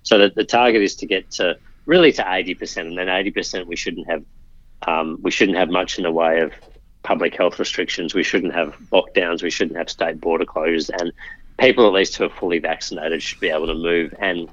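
A man, a politician guest, talking in a measured way with frequent restarts in a casual interview. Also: sits low, steady tone, fairly bright tone, no room sound, highs cut off. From Australia.

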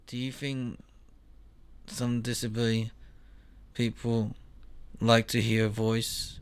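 Halting man, smooth voice. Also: mid-range voice, level tone. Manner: halting, repeats words, searches for words. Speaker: radio co-host. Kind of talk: casual radio chat.

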